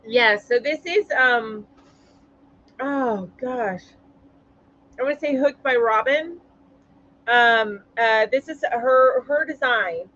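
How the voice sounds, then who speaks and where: A woman's voice: fairly high pitch, slow, pauses often, sharp tone, muffled recording. A woman hosting a casual live chat stream, greeting viewers by name and laughing often as she talks. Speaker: livestream host.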